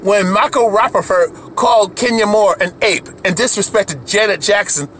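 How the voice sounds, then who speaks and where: A man's voice: high voice, moderate pace, fairly bright tone, slight background noise. A man delivering an angry, profane rant to camera as a video commentator, heated and repetitive, often restarting his sentences.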